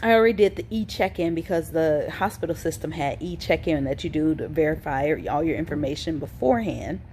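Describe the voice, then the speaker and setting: A worn-out woman with a drawl talks casually to her camera, calling her viewers y'all and sighing between thoughts. Her voice sits fairly low. A faint hiss hangs under the recording. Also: a little fast, warm tone. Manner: chatty, informal, addresses viewers as y'all, frequent ums and sighs. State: tired, yawning; recovering from throat illness. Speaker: vlogger.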